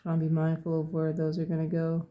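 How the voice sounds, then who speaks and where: A painting instructor narrating a tutorial in an unhurried way, thinking aloud step by step as they work. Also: mid-range voice, completely flat delivery, muffled recording.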